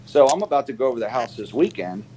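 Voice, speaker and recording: A man on a casual live panel chat, telling stories with lots of fillers and sharp jumps in pitch when he quotes people. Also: fast, slight background noise, rough recording. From United States. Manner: animated storyteller, many fillers, pitch jumps when quoting.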